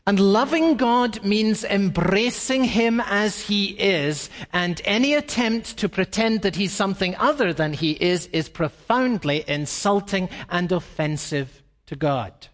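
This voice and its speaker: A man preaching a sermon with an expressive delivery that rises to emphatic peaks. His voice sits high, and the recording carries a long reverb from a large hall. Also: measured pace, few pauses. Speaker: pastor.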